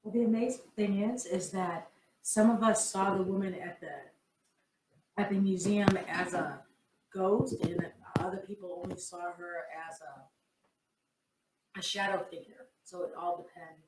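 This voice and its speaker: A woman adding comments in casual chat, speaking slowly and trailing off. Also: on the low side, steady tone, background noise. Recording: echoey and distant from the mic.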